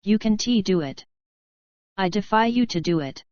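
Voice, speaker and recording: A woman's voice: mid-range voice, animated, normal speed, darkish tone, dry recording, lightly acted. A woman reading an audiobook, voicing a smug, scheming foreign general with a complacent, mocking manner. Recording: dry, dull lo-fi recording.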